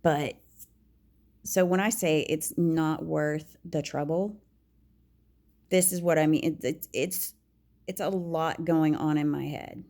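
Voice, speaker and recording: A woman speaks candidly about herself in a slow, unhurried monologue, often restarting her sentences. Her voice sits low and carries a gravelly fry, and she drops to a hush when she quotes her own thoughts. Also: steady tone. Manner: frank and confiding, halting restarts, drops to whispers when quoting herself. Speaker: vlogger.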